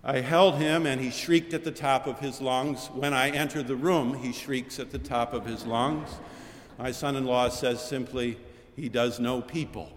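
An older man delivers a sermon from a chapel pulpit, mid-pitched and unhurried. He builds his points in rhetorical lists and repeated phrases. His voice rings out into the long reverb of a large chapel. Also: fairly even intonation. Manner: measured, rhetorical cadence with lists and repetition. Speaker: preacher.

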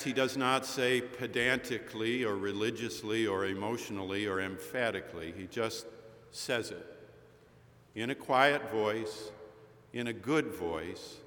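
A male preacher delivering a sermon as a slow, storytelling account with quoted dialogue. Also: medium pitch, pushed and bright. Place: large chapel. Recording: chapel recording with long reverb.

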